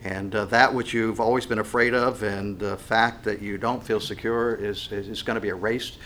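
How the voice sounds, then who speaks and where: A man's voice: fairly low pitch, steady tone, moderate pace, fairly bright tone, a little hiss or hum. A middle-aged man preaching a sermon in an earnest, conversational way, with frequent restarts and fillers. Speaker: pastor.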